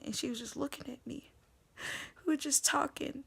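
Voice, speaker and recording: A young woman telling her personal faith testimony, swinging between hushed whispers and loud emotional outbursts. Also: high-pitched, steady tone, normal speed, gravelly.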